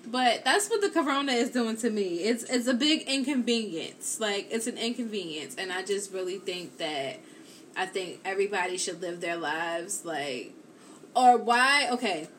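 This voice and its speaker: Rambling animated woman telling stories live. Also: mid-range voice, moderate pace, slight background noise. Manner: rambling and animated, heavy use of "like" and "or whatever". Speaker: live-stream host. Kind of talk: casual storytelling to viewers.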